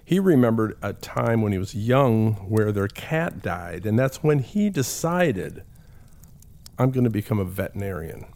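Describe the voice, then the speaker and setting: Lower-voiced male counselor. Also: mellow. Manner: conversational storytelling with acted quotes. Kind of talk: talk.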